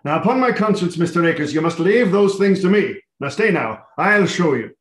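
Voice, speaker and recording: A man's voice: high voice, animated, fairly quick. A man reading a part aloud in a live play reading, confident and bantering. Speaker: volunteer reader playing Sir Lucius. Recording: echoey room.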